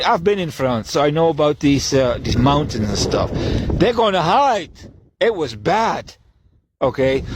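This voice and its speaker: A man's voice: fairly high pitch, background noise. A man hosting a podcast as a rambling solo monologue. He repeats himself and chuckles between his points. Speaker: podcast host.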